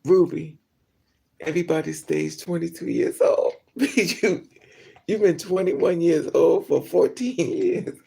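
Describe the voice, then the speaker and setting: A woman's voice: fairly low pitch, slow pace, vocal fry, mellow, breathy edge. A woman vlogger telling stories in a casual, profane, gossipy monologue and often laughing between remarks.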